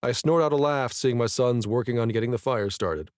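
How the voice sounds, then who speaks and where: A man's voice: medium pitch, fairly quick, darkish tone, no room sound. Male audiobook narrator, first-person romance, mid voice, dry studio read.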